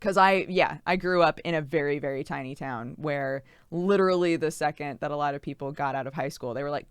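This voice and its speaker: A woman's voice: low voice, brisk, hardly any pauses, smooth, no room sound, clean studio sound. A woman streamer chatting casually with her viewers, laughing often, swearing freely and thanking subscribers. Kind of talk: casual live-stream chat, reading sub thank-yous.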